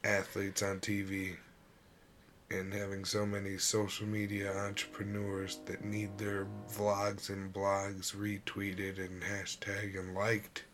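A man's voice: fairly low pitch, completely flat delivery, slow, fairly bright tone, soft background music. A man co-hosting a podcast in casual sports chat, laid-back and teasing, asking short questions. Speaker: podcast co-host.

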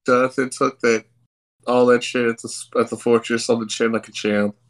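A man's voice: medium pitch, level tone, moderate pace, rough recording. A man on a casual podcast, sarcastic, cutting in with jokes and getting heated. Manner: sarcastic, jokey interjections, gets heated. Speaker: podcast co-host. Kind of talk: casual review chat.

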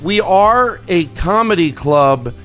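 A man's voice: high voice, animated, slow pace, fairly bright tone, soft background music. A man, a stand-up comedian guesting on a podcast, talking earnestly and repeating points for emphasis. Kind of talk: casual podcast chat.

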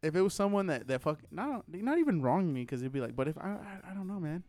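A man's voice: fairly high pitch, big pitch swings, fast, darkish tone, no room sound, soft background music. A man in casual podcast chat, telling stories with profanity and laughter.

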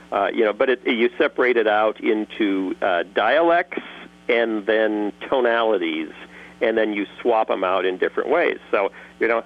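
Animated man, dull lo-fi recording. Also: fairly low pitch. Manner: animated, jokey, slips into character voices. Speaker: guest voice actor and creator. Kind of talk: casual interview answers.

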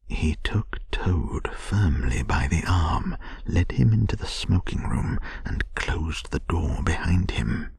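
A man softly whispering a soothing bedtime story as storyteller. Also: low-pitched, expressive, slow, creaky, husky, no echo.

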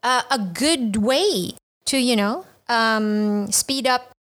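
A woman co-hosting a casual podcast, chatty and quick to laugh, with rambling asides. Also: a little high, a bit bright, a little hiss or hum. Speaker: podcast co-host.

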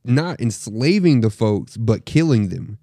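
A young man co-hosting a podcast, chatting casually in an animated, slangy way with plenty of swearing. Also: mid-range voice, unhurried, dry recording, studio quality. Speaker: podcast co-host. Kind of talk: casual chat.

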